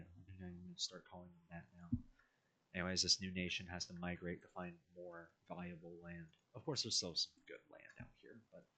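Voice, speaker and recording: Deep-voiced man rambling over a map. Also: sharp tone, breathy edge. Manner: rambling with wry asides and self-corrections. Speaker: alternate history map narrator. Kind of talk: casual off-the-cuff narration.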